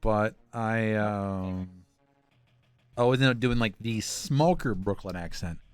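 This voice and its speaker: A man's voice: on the low side, unhurried, clean tone, no echo. A man co-hosting a coding livestream, chatting casually, joking and guiding his partner through the code. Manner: encouraging, joking, guides the coder. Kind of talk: casual chat while coding.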